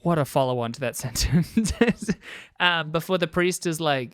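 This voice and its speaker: A woman's voice: low voice, normal speed, clear, resonant tone. A woman co-hosting a podcast, chatting loosely about a movie, laughing often and swearing casually. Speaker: podcast co-host. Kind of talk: casual chat.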